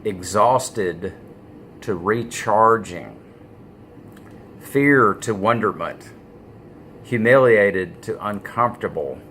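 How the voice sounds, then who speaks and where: Slow, low-voiced man musing aloud. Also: sharp tone, slight background noise. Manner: halting, many "uh" fillers, stresses key words. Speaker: business vlogger. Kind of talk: casual talking-head monologue.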